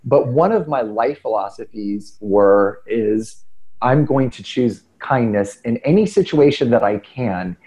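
Earnest, warm-toned man telling stories. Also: mid-range voice, measured pace, poor audio. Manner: animated, earnest, self-deprecating with frequent restarts. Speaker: podcast guest speaker. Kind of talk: casual conversational storytelling.

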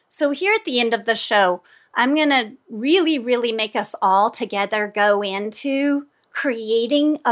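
Animated woman with a raised voice. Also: fairly high pitch. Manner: animated, laughs often, acts out quoted voices. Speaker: host, energy healer. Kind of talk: personal storytelling advice talk.

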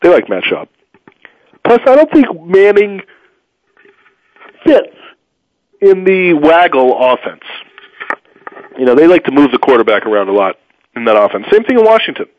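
A man's voice: normal speed, pauses often. Opinionated male sports talk host. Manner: opinionated, rambling, animated pitch jumps. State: tired, low energy. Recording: dull muffled dry sound.

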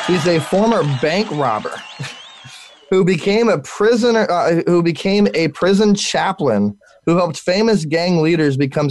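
A man hosting a live internet talk show, energetic and full of fillers and repeated words, while sick. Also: fairly high pitch, slight background noise.

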